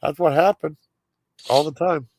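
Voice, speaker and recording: A man's voice: fairly high pitch, fairly even intonation, a little slow, darkish tone, a little hiss or hum. A man telling a rambling story on a live stream, frustrated and cursing freely as he goes. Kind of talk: casual storytelling chat.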